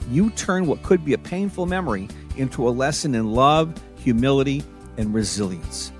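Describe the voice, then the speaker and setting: A middle-aged man hosting a parenting podcast, telling a personal story and giving advice in a calm, steady manner. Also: mid-range voice. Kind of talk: solo podcast talk.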